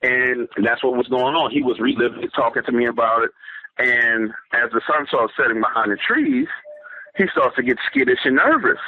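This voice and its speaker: Man, mid pitch, earnest halting storyteller, heard over a tinny dry phone line. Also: animated. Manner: earnest, halting storyteller with many fillers and restarts. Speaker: guest telling of an encounter.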